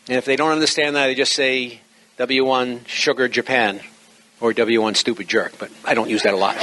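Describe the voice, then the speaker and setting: Middle-aged guy giving a casual lecture, bright voice, cracks jokes, leans hard on key words. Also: medium pitch. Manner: jokey, emphatic, lively asides. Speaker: presenter teaching radio operating practice. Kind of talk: informal lecture to an audience.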